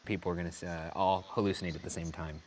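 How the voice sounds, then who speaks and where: A man's voice: sits low, flat delivery, quick pace. A man hosting a show, teasing his co-host in upbeat banter. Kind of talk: casual banter.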